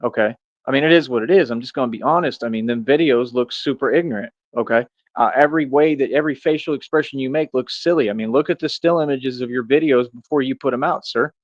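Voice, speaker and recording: A man rants straight at his audience, hammering the same rhetorical questions again and again. His voice sits at an ordinary pitch. The recording is dry and a little muffled. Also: no room sound. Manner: confrontational, repetitive, drawn-out rhetorical questions. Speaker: streamer. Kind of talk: ranting monologue to camera.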